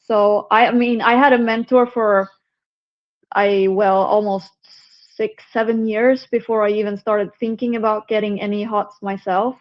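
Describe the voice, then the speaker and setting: A woman from Sweden with a Swedish accent, a herpetologist talking casually as an interview guest, chatty and quick to laugh. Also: medium pitch, level tone, muffled recording. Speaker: guest, herpetologist and venomous snake keeper.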